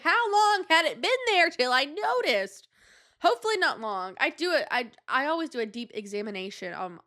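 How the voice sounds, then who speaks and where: A chatty young woman hosts her own podcast and tells a story from her day. Her voice sits a little high, and she jumps into quoted voices as she goes. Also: pushed and bright. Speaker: podcast host. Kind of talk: casual storytelling monologue.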